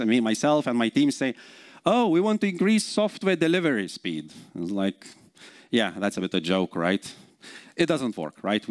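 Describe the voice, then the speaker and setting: Man, 40s, Lithuanian accent, chatty conference speaker who keeps quizzing the crowd, mid-pitched and dry-sounding. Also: no echo. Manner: quizzes the audience, chatty, many fillers. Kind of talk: live conference talk.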